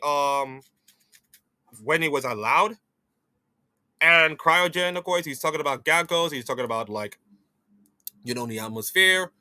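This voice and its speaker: A man hosts an esports news show, thinking aloud in a rambling, animated way and often restarting his sentences. His voice is very bright and sits a little high. The sound is dry and close. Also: smooth, dry recording. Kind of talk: opinionated esports commentary.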